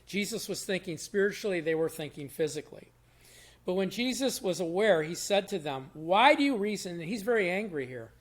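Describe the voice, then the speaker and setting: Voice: mid-range voice, lively intonation, fairly quick. Plain-spoken conversational Bible teacher. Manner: plain-spoken, explains verses in everyday words; repeats and restarts phrases while thinking aloud. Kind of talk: short conversational Bible devotional.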